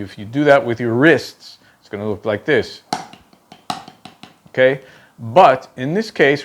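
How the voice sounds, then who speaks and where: A man's voice: mid-range voice, a little hiss or hum. A man teaching a drum technique, explaining step by step, counting aloud while he demonstrates, and often checking in with "okay?". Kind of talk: instructional demonstration.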